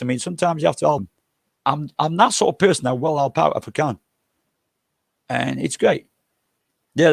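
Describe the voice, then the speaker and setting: A man's voice: fairly high pitch, gravelly, no echo, studio quality. An older man hosting a livestream, telling rambling, jokey anecdotes and swearing freely. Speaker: livestream host.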